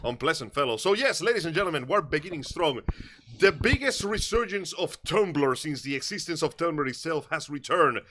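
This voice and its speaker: A man co-hosting a live pop culture stream, spinning deadpan, absurd jokes and introducing news in an animated way. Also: a little high, moderate pace. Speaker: podcast co-host. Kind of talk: casual live-stream chat.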